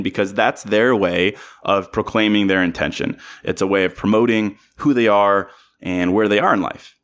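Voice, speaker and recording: Earnest low-voiced man giving a pep talk. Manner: earnest, emphatic, repeats phrases. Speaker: podcast host. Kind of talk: motivational monologue.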